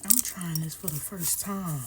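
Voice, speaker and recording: She has a lowish voice and a measured pace, this woman vlogger, chatting candidly while she works on her hair and often lowering to a half-whisper. There's noise in the background.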